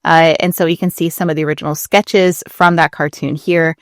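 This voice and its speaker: A woman's voice: low voice, flat delivery, brisk, no echo, clean studio sound. A woman co-hosting a casual podcast, chatting and explaining history with frequent laughs. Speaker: co-host.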